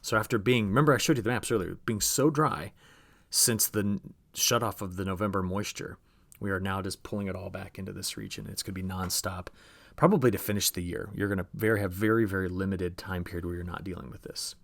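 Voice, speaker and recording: A man's voice: sits low, fairly even intonation, a little fast, gravelly. A man giving a chatty agricultural weather briefing over forecast maps, talking straight to viewers and often restarting his phrases.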